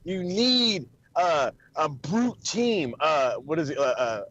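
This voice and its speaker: An excitable man trading wrestling talk on a podcast, cursing often and breaking into little acted-out quotes. His voice sits a bit high. The sound is dull and lo-fi. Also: slow. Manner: profane, excitable, acts out quotes in funny voices. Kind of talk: casual chat.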